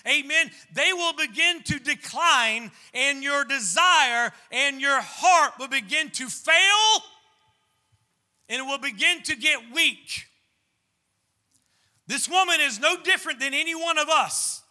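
A man preaching a sermon as pastor, fervent and rising at times to shouts. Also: very high voice, animated, slow.

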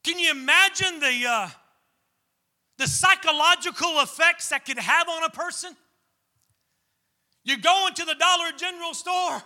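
A male pastor delivers a fervent sermon. His voice sits very high and rings sharp and bright. He climbs into shouted peaks as he presses his point. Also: normal speed, pauses often. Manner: fervent preaching, rising to shouts.

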